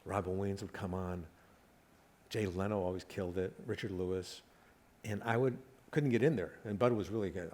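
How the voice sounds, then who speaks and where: This middle-aged comedian sits low in pitch, speaking at a moderate pace in a steady, slightly mellow tone. As a guest at a live talk event, he trades stories on stage, acting out quotes and chuckling at his own jokes.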